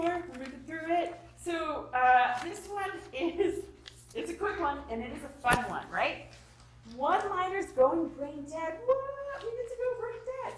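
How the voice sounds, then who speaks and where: A woman in her thirties presenting a parenting workshop, animated, acting out parent and child voices and dropping into whispers. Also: high voice. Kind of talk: lively parenting talk to a live group. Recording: very echoey hall from far off.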